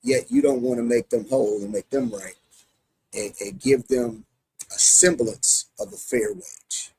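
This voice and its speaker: A man's voice: mid-range voice, unhurried, darkish tone, slightly rough, no room sound, rough recording. A middle-aged American man, a union president, answering interview questions emphatically, often restarting his sentences. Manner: emphatic, many repeated restarts.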